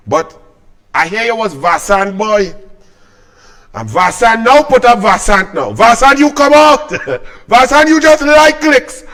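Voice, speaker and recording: A man's voice: very high voice, big pitch swings, slow, fairly bright tone. A man with a Trinidadian accent delivering a sarcastic, combative political rant as a commentator, mocking his targets.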